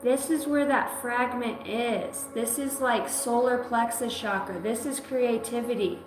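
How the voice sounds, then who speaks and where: A woman giving a live psychic reading, talking emotionally in halting phrases that break off mid-sentence. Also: on the high side. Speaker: psychic reader. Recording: roomy sound with music behind.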